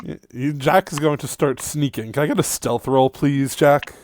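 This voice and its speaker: A man narrating as game master of a tabletop game in a measured, descriptive way. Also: mid-range voice, darkish tone, no echo, studio quality. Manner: measured, descriptive, sometimes trails off.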